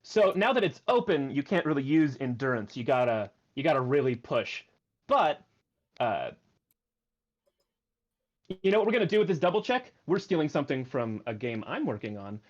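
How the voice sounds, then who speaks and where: A man's voice: medium pitch, big pitch swings, normal speed. Man explaining game rules, muffled audio. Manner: explains rules, thinks aloud. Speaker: game master. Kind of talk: running a tabletop game on stream.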